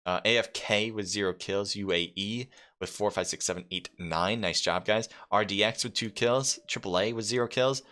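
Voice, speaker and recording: Male esports caster from New York, low-pitched and bright, live chatty play-by-play full of fillers. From New York, United States. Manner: reads scores off quickly, chatty with viewers, many fillers. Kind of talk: solo live esports commentary.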